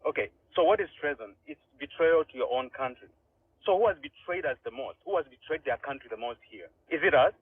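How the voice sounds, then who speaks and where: A man's voice: a little high, animated, brisk, slightly rough, dry recording. Indignant man on a tinny line. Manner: indignant, rhetorical questions. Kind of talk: online audio space discussion. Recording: dry, tinny phone-like line.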